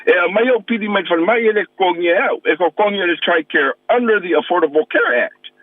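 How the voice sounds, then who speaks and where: A man's voice: high-pitched, quick pace, no echo. A man in his sixties from American Samoa, calling in to a radio show as a pastor and veteran and complaining emphatically. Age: 60s. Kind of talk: phone-in call to a radio show. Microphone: telephone. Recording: tinny phone line, dry.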